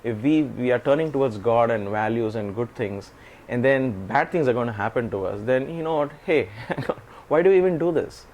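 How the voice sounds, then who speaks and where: Man telling a story with animated quotes. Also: medium pitch, normal speed. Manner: animated, acts out quoted speech, laughs often. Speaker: interview guest. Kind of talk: storytelling in an interview.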